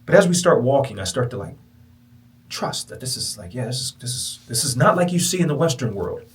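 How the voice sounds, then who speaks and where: A man hosting a podcast who tells a personal story to his listeners. He swings from loud, emphatic bursts to near-whispers and repeats phrases for emphasis. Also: medium pitch, expressive, a little fast, far from the mic. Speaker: podcast host.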